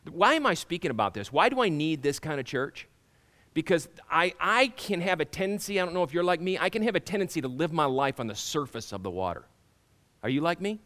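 A man's voice: on the high side, big pitch swings, fairly bright tone. Middle-aged male pastor, conversational sermon. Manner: conversational, halting restarts, rhetorical questions to the congregation.

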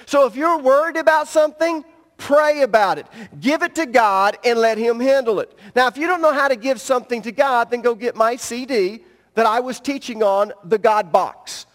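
A man's voice: extremely high pitch, normal speed. A middle-aged man preaching as a pastor, talking directly and emphatically to his congregation. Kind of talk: sermon. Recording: long reverb in a church hall.

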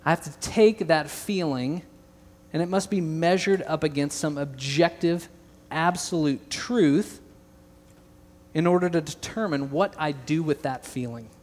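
A man's voice: on the high side, measured pace, darkish tone. A young man preaching a sermon as pastor, earnest and emphatic, with joking asides to the congregation. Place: large church hall. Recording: long hall reverb.

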